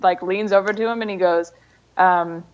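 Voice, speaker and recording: A woman co-hosting a casual podcast, telling a bar anecdote in a relaxed way and laughing easily. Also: on the low side, moderate pace, muffled recording. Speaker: podcast co-host. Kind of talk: casual chat.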